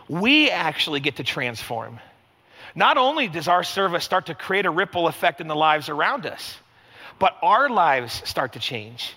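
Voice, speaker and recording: A man preaching a sermon as pastor, in a chatty, animated way full of fillers. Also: high-pitched. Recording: long hall reverb.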